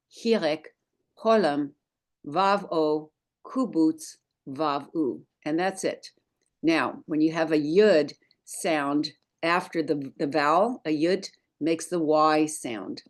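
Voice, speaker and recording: Middle-aged lady teaching, low voice, takes her time, patient and careful. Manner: patient, deliberate, spells things out. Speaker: Hebrew teacher. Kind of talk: slow screen-share lesson.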